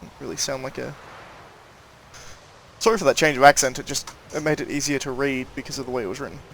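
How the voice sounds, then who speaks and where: A man's voice: mid-range voice, fast talker, creaky, a bit bright, slight background noise. A man casually commenting while playing a game, swearing and reading in-game notes aloud. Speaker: game streamer. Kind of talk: casual let's-play commentary.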